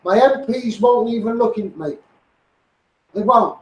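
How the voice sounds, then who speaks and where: An English campaigner with a blended Scouse and Essex accent rants passionately to his live-stream followers, greeting viewers by name and repeating himself. His very high voice is unhurried, captured by a distant mic in a reverberant, low-quality recording.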